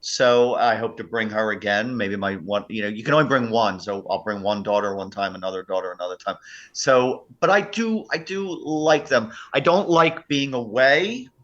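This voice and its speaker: A male comedian guest telling stories in an energetic, casual chat. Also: lowish voice, moderate pace, lo-fi sound. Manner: energetic anecdote telling, frequent restarts.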